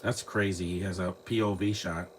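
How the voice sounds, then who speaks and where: A man's voice: sits low, steady tone, moderate pace, slight background noise. A man casually rambling through a live movie commentary, full of restarts and fillers, recorded on a phone at home. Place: home, lives near trees.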